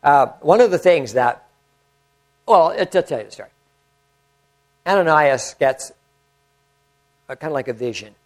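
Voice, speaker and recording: A man preaching a conversational sermon, swinging from animated storytelling to hushed, prayerful tones. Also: fairly high pitch, low-quality recording.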